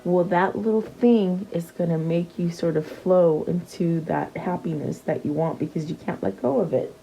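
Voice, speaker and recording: A woman's voice: fairly low pitch, normal speed, gravelly, mellow, slight background noise, low-quality recording. A woman giving a casual tarot reading, chatty and repeating her questions to the cards, with many fillers and restarts. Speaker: tarot reader.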